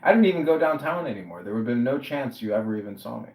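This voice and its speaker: A man hosting a social audio chat room who leads the group in loud, repeated chants. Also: mid-range voice, lively intonation, rapid-fire, roomy sound, poor audio. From Chicago area.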